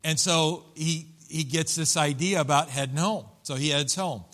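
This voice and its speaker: A man's voice: a little high, steady tone, moderate pace, fairly bright tone. A man preaching a sermon, retelling a story and acting out the quoted voices with animation. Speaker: pastor.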